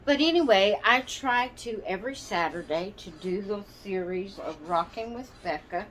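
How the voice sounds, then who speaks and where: A woman's voice: mid-range voice, expressive, fairly bright tone, a little hiss or hum. A woman hosting her doll channel, chatting casually and apologetically with viewers from her rocking chair, rambling and searching for words. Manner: slow, rambling, apologetic, hesitant. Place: at home, seated in a rocking chair.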